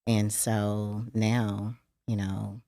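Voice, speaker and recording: A middle-aged woman co-hosting a podcast, speaking in a measured, reflective way during candid casual conversation. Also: a bass voice, little pitch movement, vocal fry, dark tone, no echo, studio quality. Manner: measured and reflective, with frequent fillers. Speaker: podcast co-host.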